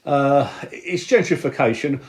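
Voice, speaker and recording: A man's voice: medium pitch, measured pace. A man with a London working-class accent, hosting a podcast in casual conversation, earnest and reflective, often agreeing. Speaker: podcast host.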